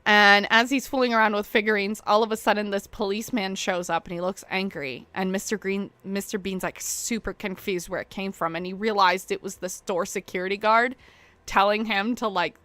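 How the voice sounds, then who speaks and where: A woman's voice: medium pitch, fairly even intonation, moderate pace, a bit bright, dry recording. A woman streaming a game and chatting casually, jumping between stories, laughing at herself, with lots of "like" and "um". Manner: rambling, jumps between stories, many fillers; laughs at her own stories.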